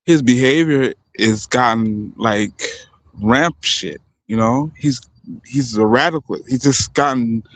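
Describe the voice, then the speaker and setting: A livestream host with a mid-range voice speaks slowly, with no echo, in an unscripted rant. He's heated and profane, and he keeps breaking off to apologize to his viewers.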